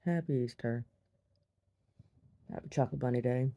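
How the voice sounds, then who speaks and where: A woman telling a rambling story in her video diary, chatty and quick to laugh, often repeating herself. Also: rumbling low, mellow. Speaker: video diarist. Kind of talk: casual storytelling to camera.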